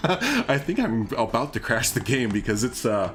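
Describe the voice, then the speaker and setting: A man's voice: mid-range voice, wildly swooping pitch, a little slow, over music. A man with a Southern US accent giving live gameplay commentary as a streamer, rambling, chuckling and poking fun at himself. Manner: rambling, chuckling, self-deprecating. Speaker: game streamer.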